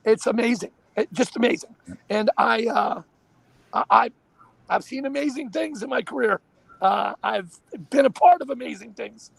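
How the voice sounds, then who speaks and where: A man hosting a casual talk show, animated and emphatic, often repeating himself. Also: extremely high pitch, normal speed, gravelly, husky, dry recording. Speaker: show host.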